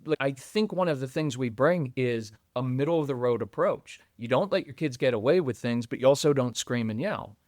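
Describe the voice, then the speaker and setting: A middle-aged man guesting on a podcast about parenting, who talks in an animated, conversational way and acts out what other people say. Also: normal speed, few pauses, dry recording, clean studio sound. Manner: animated, acts out quoted voices with jumps in pitch. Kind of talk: conversational interview.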